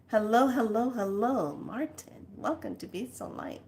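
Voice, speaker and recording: A woman's voice: on the high side, lively intonation, a little slow, darkish tone, slight background noise. A woman hosting a casual spiritual talk, telling a family story animatedly and laughing often. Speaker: spiritual teacher and host.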